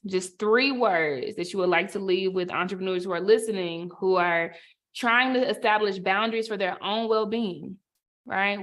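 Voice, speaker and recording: A woman moderating a panel over a video call, unhurried with frequent fillers. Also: medium pitch, fairly bright tone.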